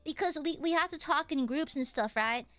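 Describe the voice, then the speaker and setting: Laughing and teasing, a young Southern-accented woman keeps up playful chat on her game stream. She speaks in a high, slightly bright voice at a moderate pace, recorded dry.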